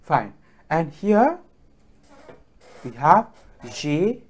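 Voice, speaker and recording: A man teaching pronunciation, speaking slowly and haltingly with many fillers and repeated drill words. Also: a little high, big pitch swings, husky. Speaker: French teacher. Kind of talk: classroom lesson on the alphabet.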